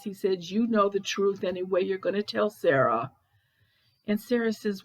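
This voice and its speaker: A middle-aged woman tells a story in unhurried, casual speech, taking her time over each line. She quotes what each person said in her own plain voice, with a mid-range pitch. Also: poor audio. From Cleveland, Ohio. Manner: recounts dialogue, quoting others plainly. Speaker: medium telling a story.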